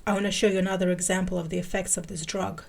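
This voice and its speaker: A woman's voice: on the low side, flat delivery, racing, creaky, a little mellow. A woman voicing an impatient, theatrical male rogue agent in a fan-fiction reading, exasperated and conspiratorial.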